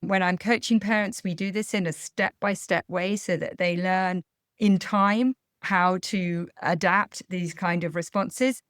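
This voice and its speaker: A woman, a parenting coach speaking in a calm, measured and explanatory way on a podcast. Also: lowish voice, no echo, studio quality. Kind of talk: podcast advice talk.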